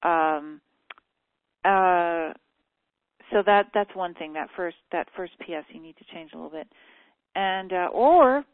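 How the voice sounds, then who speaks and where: A woman coaching on a group call, frankly critiquing a sales letter with many pauses and fillers. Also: fairly low pitch, no echo. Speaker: copywriting coach. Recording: tinny dry phone line.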